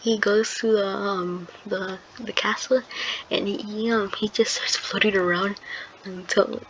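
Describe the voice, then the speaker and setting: Speaking a little slowly, this woman tells a fan story as a channel host, making it up as she goes with lots of fillers, restarts and hesitant rambling. Her tone is fairly bright, her pitch medium and her intonation fairly even, all captured in dull lo-fi audio with noticeable background noise.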